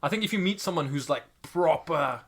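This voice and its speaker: A man's voice: a little high, fairly quick, slightly rough. A young man co-hosting a podcast in casual chat, ranting animatedly and laughing. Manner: animated, laughing, incredulous rants. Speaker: podcast co-host.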